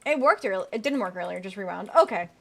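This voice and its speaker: This VTuber streamer talks fast in a gravelly, fairly bright, expressive voice of medium pitch. She chats casually while playing a video game, reading out and answering her chat and swearing now and then.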